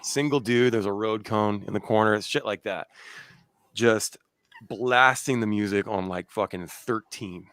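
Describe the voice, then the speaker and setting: A man's voice: fairly low pitch, a little slow, fairly bright tone, dry recording. A man in his thirties hosting a podcast, rambling through road stories in a casual, swearing way. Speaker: podcast host. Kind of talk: casual chat.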